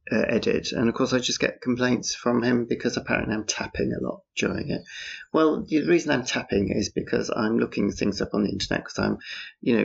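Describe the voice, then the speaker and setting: Outdoors on a nighttime street, a male podcaster rambles through a casual monologue, dropping wry, dryly sarcastic asides. His mid-range voice is gravelly with a breathy edge, and the recording sounds dull, muffled and lo-fi.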